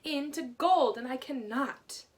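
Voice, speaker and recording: A woman's voice: sits high, unhurried, pitched above the performer's own voice. A woman doing an anxious young miller's daughter. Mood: pleading, anxious. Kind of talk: storybook reading.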